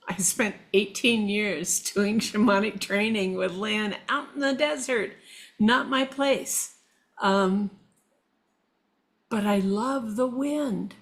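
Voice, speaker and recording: Middle-aged woman guest, unhurried and gravelly, halting casual talk. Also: medium pitch. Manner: slow, meandering, halting with restarts. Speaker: guest, shamanic practitioner. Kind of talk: casual conversation.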